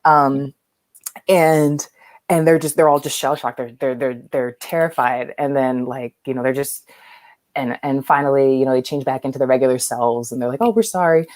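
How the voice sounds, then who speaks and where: A woman's voice: very deep voice, little pitch movement, moderate pace, darkish tone, no room sound. A woman guest on a movie podcast, talking casually and rambling with many fillers and restarts. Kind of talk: casual chat.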